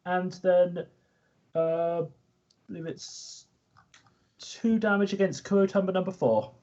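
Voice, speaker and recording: A man playing a tabletop game, calmly declaring his moves. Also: high voice, takes it slowly. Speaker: player. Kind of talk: casual chat. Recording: dull lo-fi sound.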